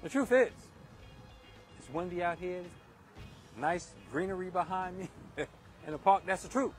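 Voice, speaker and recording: A man's voice: sits high, measured pace, faint music behind. A man giving an emphatic, repetitive moral talk outdoors in a windy park. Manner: emphatic and repetitive, driving points home. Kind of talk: off-the-cuff preaching monologue.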